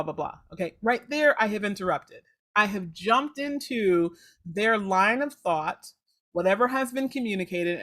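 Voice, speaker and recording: A woman's voice: medium pitch, a bit bright. A woman hosting a podcast, coaching listeners on intake calls and acting out sample phone lines. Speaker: podcast host and law firm trainer. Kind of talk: instructional podcast talk.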